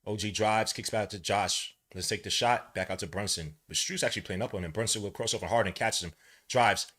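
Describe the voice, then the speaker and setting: A man from New York hosting a live watch-along, rambling between casual play-by-play and chat, and shouting when plays excite him. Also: fairly low pitch, fairly quick. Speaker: podcast host doing a game watch-along.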